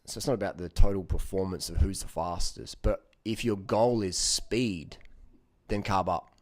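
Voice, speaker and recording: A man's voice: low-pitched, steady tone, normal speed, darkish tone, no echo. A man talking in a casual, rambling monologue, blunt and profane, with lots of "you know" fillers. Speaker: vlogger giving diet advice.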